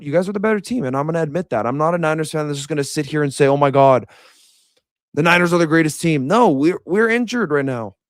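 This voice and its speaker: Young male fan commentator, blunt and animated, slightly high voice, dry and close. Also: dry recording. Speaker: sports commentator. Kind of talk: casual reaction rant.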